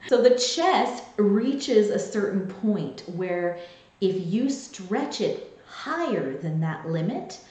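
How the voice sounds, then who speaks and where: A woman vocal coach explaining singing technique in a clear, teaching manner, with sung demonstrations. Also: on the low side, big pitch swings, takes it slowly, a little mellow. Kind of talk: singing lesson to camera. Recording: very echoey room.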